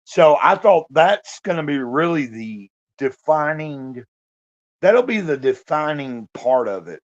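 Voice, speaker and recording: A man's voice: a little high, sing-song, slow pace, highs cut off. A man vlogging in a casual, rambling monologue, full of fillers and the odd swear word. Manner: meandering, lots of fillers and swearing.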